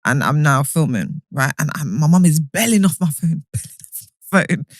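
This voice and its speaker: A woman's voice: low voice, lively intonation, normal speed, no echo. A woman, a podcast co-host, chatting casually and laughing while she tells an anecdote. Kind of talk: casual chat.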